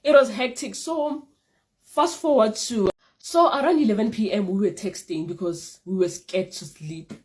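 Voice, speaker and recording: A young woman vlogger telling a casual storytime tale, animated and repeating phrases for emphasis. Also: medium pitch, moderate pace.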